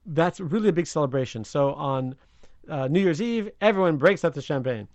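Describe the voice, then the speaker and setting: A man explains everyday expressions to radio listeners with an animated, swooping voice that rises and falls a lot. He talks in an explanatory, friendly way and chuckles now and then, and the sound is dry and close. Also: fairly high pitch, normal speed, no echo, muffled recording. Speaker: slang expert guest. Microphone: remote line from another city.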